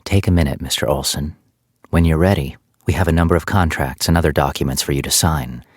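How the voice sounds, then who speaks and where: A man voicing a calm law-firm representative who talks in a polite, businesslike way. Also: extremely low pitch, a little fast, dry recording, studio quality. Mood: formal.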